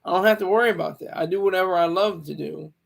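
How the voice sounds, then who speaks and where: A man's voice: high-pitched, fast talker, gravelly. A man, a military veteran, talking in a loose, rambling monologue, often stopping to correct himself. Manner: rambling, self-correcting, opinionated. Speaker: Marine Corps veteran. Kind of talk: casual monologue.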